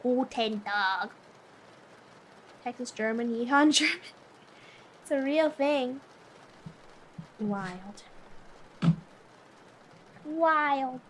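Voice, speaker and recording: A young woman streamer chats casually with her viewers long past bedtime, tired but quick to giggle. Her voice sits high and bounces all over the place. A faint hum of room noise runs underneath. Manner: giggly, animated, often laughs. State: tired, up very late. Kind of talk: casual late-night stream chat with chat.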